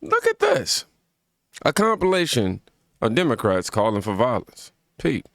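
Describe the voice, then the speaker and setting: A man's voice: mid-range voice, wildly swooping pitch, unhurried, creaky, noisy background. A man hosting a casual reaction commentary, reading aloud and then talking loosely with viewers. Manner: reads scripture aloud, then talks loosely and informally. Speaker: commentary video host.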